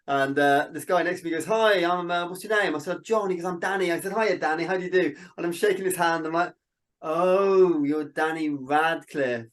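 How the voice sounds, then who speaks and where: A man, a filmmaker guest in a casual interview, telling animated stories and acting out what people said. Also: high-pitched, quick pace, few pauses. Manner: animated storyteller, quotes people in dialogue.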